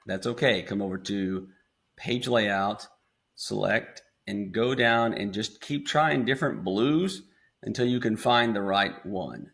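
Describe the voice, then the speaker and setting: A man with an American accent casually talking students through a screen-recorded software tutorial step by step. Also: lowish voice, gravelly. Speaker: instructor.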